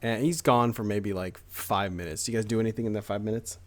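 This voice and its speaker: A man's voice: lowish voice, fairly even intonation, fast talker. A man running a tabletop game as game master, narrating the scene casually with fillers and restarts.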